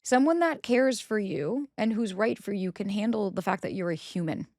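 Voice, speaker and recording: A woman's voice: mid-range voice, animated, normal speed, a little mellow, no room sound. A blunt woman podcast host giving relationship advice, swearing freely and hitting her points hard. She acts out the voices she quotes. The recording is dry, with no room sound. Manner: blunt and profane, emphatic. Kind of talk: candid advice monologue.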